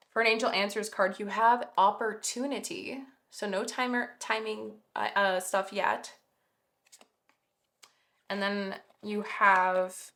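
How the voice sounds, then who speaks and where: A woman's voice: mid-range voice, fairly bright tone, roomy sound. A woman giving a pick-a-card tarot reading, earnest and reassuring as she talks straight to the viewer, a bit sleepy. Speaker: tarot reader.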